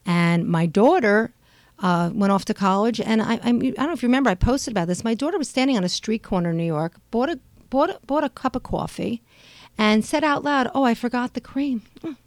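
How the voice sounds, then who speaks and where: An older woman comedian chatting in an interview, telling animated stories full of fillers and acted-out quotes. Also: fairly quick, dry recording. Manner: animated storyteller, acts out quotes with big pitch jumps; frequent fillers. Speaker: stand-up comedian guest. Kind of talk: casual interview chat.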